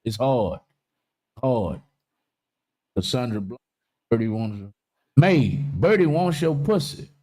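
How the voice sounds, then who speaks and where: A man hosting a casual live-stream talk show, joking loudly, swearing freely and reading viewer comments aloud. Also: mid-range voice, animated, slow pace, long pauses. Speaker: livestream talk show host.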